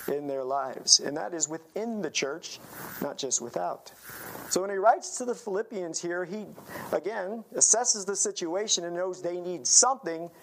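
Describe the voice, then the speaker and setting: Guy preaching a sermon, gravelly fry in the voice, leans hard on his points. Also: a little high, fairly bright tone, a little hiss or hum, low-quality recording. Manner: emphatic, counts points off, quotes scripture.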